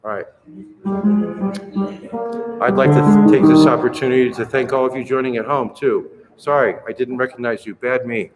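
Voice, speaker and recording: A man leading a choir rehearsal, counting in and coaching singers with brisk encouragement. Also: medium pitch, steady tone. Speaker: choir director. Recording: reverberant hall with music playing.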